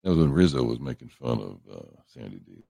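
Livestream host, male, very low gravelly voice, dark tone, rambling and joking with chat. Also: expressive, a little fast, dry recording. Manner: rambling, joking, greets viewers by name. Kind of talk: casual chat with viewers. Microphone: headphones on a livestream setup.

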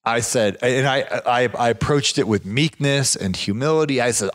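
A property management business owner from the southeastern United States rambles through a casual anecdote. His mid-range voice moves at a moderate pace, full of fillers and restarts, and perks up when he quotes other people.

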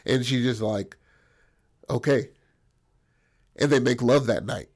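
A man's voice: mid-range voice, normal speed. A man improvising a crude comic story, rambling and profane, checking in with "bro" and "right?".

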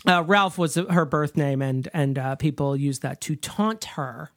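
A man's voice: on the high side, measured pace, fairly bright tone, no room sound, clean studio sound. A man co-hosting a podcast, recapping a film in a rambling, joking way with lots of ums. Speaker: podcast co-host.

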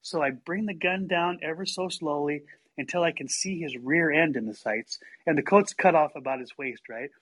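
A man telling a story in casual chat, animated and acting out the quotes. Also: fairly high pitch, normal speed, breathy edge, poor audio. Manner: animated, acts out quotes with big voice shifts.

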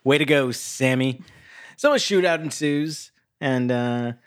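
A man's voice: mid-range voice, measured pace, smooth. Laid-back male podcast co-host. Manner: relaxed storytelling with many "uh"s. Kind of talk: casual recap of a TV episode.

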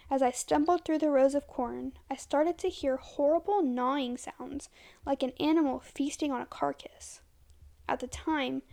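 High, gravelly woman narrating horror. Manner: dramatic, slow and hushed at tense moments.

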